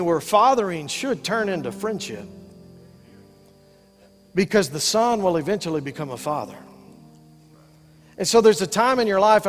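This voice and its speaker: A middle-aged male pastor preaching a sermon, emphatic, with frequent call-outs to the congregation. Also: high-pitched. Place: church sanctuary with congregation. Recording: live hall reverb.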